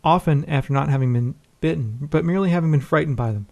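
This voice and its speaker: Fast-talking male podcast host. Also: a little high, vocal fry, a little mellow. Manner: quick, informal, reads listener emails. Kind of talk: casual podcast chat.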